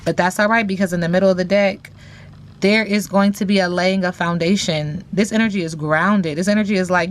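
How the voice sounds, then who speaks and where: A woman's voice: fairly low pitch, fairly even intonation, brisk. A woman giving a casual tarot reading, talking in a sassy, slang-heavy way with playful teasing asides to viewers. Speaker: tarot reader.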